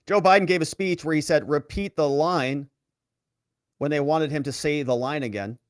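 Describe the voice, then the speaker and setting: A man's voice: normal speed, no room sound, clean studio sound. A man who is an attorney giving casual, sarcastic political commentary and reading articles aloud. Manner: animated and sarcastic, with wide swings in pitch.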